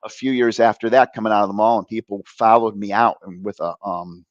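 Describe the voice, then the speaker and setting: Animated storytelling man in his fifties. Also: lowish voice, brisk, no room sound, dull audio. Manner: animated, acts out voices with bursts of sound effects; frequent fillers and restarts, laughs while telling. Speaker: guest, author and career coach. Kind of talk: personal storytelling in an interview.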